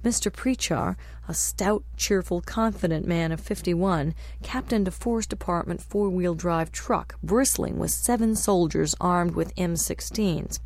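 A woman reading a travel memoir aloud as a narrator, in a measured, descriptive storytelling manner. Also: lowish voice, darkish tone. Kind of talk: scripted audiobook narration.

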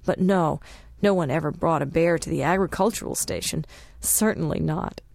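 A woman narrating a travel memoir as an audiobook, in a measured, unhurried reading. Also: low-pitched, vocal fry, a little mellow, no echo.

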